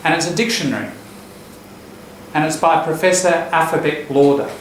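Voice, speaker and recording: A man teaching an English class, explaining pronunciation patterns in a relaxed way and repeating phrases to model them. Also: a little high, normal speed, slight background noise. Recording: echoey classroom recorded from a distance.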